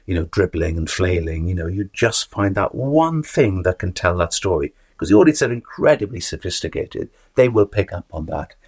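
A man's voice: deep voice, big pitch swings, normal speed, hardly any pauses, darkish tone, breathy edge. A man, an actor and teacher, talking as an interview guest in a thoughtful, searching way, often repeating words as he finds his phrasing. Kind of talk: reflective conversational interview.

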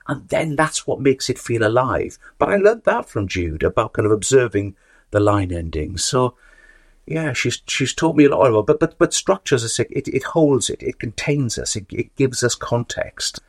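A man's voice: mid-range voice, animated, moderate pace, husky. A man, an actor and teacher, talking as an interview guest in a thoughtful, searching way, often repeating words as he finds his phrasing. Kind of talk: reflective conversational interview.

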